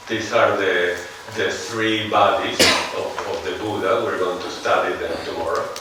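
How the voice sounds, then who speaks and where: A man with a non-native English accent giving a seminar lecture, musing slowly and often putting rhetorical questions to his audience. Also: low voice, fairly even intonation, noisy background. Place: large lecture hall. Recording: echoey hall, heard from far off.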